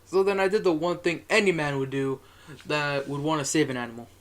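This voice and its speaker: A man's voice: a little high, brisk. A young man telling a rambling, profane story in a casual monologue, chuckling as he goes.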